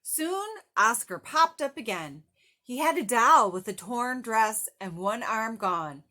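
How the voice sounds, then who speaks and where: A woman reading a children's picture book aloud in an animated, sing-song way. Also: fairly high pitch, slow pace. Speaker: storybook reader.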